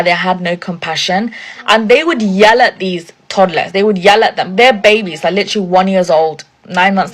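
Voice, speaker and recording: Young woman, casual indignant storyteller, middle pitch, filler-heavy. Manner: indignant, chatty, lots of "like" fillers.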